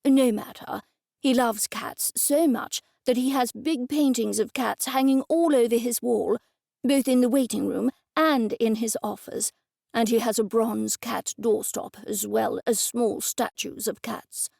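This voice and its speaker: A cheerful older man laying out his schemes, read by a woman narrator. His lines come gravelly and dry, close to the mic, with a brisk, upbeat manner. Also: a little high, a little mellow, dry recording.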